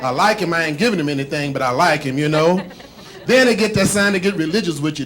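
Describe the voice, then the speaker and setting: High-voiced stand-up comic from Texas. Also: male voice, quick pace, fairly bright tone, a little hiss or hum. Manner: chatty, frequent "man" and "you know", crowd work. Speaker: stand-up comedian. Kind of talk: stand-up set. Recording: live comedy club with audience.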